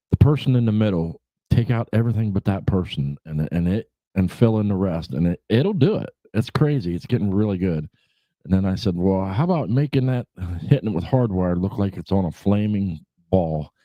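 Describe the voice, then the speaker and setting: A man's voice: sits low, no echo, highs cut off. A man hosting a casual livestream chat show, rambling and laid-back, swearing freely, with lots of "you know" fillers. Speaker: podcast host.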